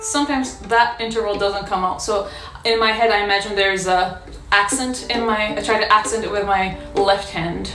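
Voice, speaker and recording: A woman in a casual practice session, explaining how she practices a violin piece in a thoughtful way, pausing often with fillers. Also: medium pitch, steady tone, a bit bright, faint music behind. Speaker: violin teacher. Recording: echoey room with violin playing.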